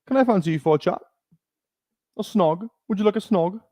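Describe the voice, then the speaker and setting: A man's voice: high voice, a little fast, dark tone, no echo, studio quality, pitched above the performer's own voice. A man putting on a flirty British charmer. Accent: British, put on.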